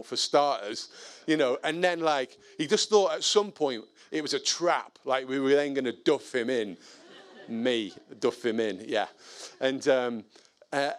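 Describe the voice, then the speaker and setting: A man telling a personal story in an animated, self-deprecating way. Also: mid-range voice. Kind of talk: storytelling talk.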